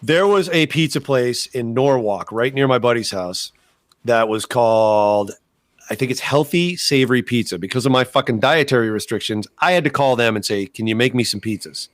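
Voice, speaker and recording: A man's voice: mid-range voice, normal speed, no echo, clean studio sound. A man co-hosting a podcast, telling a story in casual, profane chat and acting out the voices of people he quotes. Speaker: podcast co-host.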